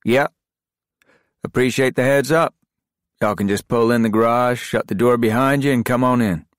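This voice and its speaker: A man voicing a laid-back male soldier, curt and husky. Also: medium pitch, fairly even intonation, normal speed, dry recording, clean studio sound, pitched above the performer's own voice, close to an everyday voice. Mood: easy.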